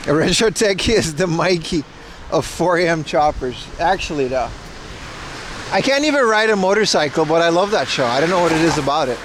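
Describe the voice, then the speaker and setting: A man's voice: fairly high pitch, lively intonation, fairly quick, noisy background. A man hosting a casual outdoor livestream, rambling and joking with playful self-mockery. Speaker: IRL livestream host. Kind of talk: casual walking livestream chat. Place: outdoors at an event in Japan.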